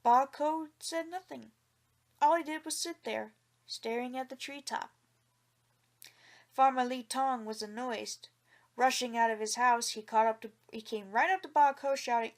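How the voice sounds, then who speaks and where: Woman, storybook narration, expressive, high-pitched. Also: moderate pace. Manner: expressive, lively reading.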